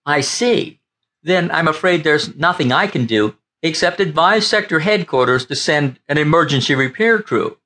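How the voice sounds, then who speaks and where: A man's voice: fairly high pitch, lively intonation, moderate pace, sharp tone, voice pushed up. A man voicing an eager young station attendant in an audiobook, stubborn and insistent about the rules.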